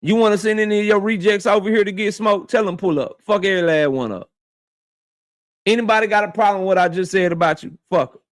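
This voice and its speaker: A man's voice: high voice, fast talker, dry recording, studio quality. A man hosting a boxing channel, delivering a confrontational, profane commentary rant aimed straight at his target and repeating his points for emphasis. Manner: addresses his target directly.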